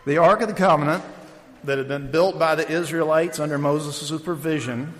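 A man preaching a sermon who reads a story aloud with lively, shouted calls, then talks plainly with fillers. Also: a little high, normal speed. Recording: long reverb of a large hall.

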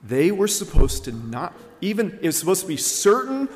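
A man's voice: high-pitched, very animated, moderate pace, long reverb tail. A man preaching a sermon, telling a story earnestly with many ums and uhs. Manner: earnest storytelling with frequent fillers.

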